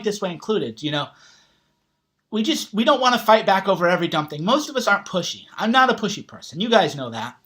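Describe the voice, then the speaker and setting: A man's voice: high-pitched, bright, forceful tone. A man giving a blunt motivational talk, swearing often and tossing in "right?" as he rambles through his points. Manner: blunt, heavy swearing, casual slang; rambling, with frequent "right?" asides. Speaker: self-help author and vlogger.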